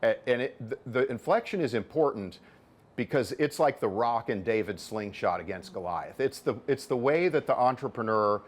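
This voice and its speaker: In a mid-range voice with lively intonation and normal speed, a middle-aged man answers interview questions. He's a venture capitalist and author who explains his thinking and often repeats words as he constructs a point.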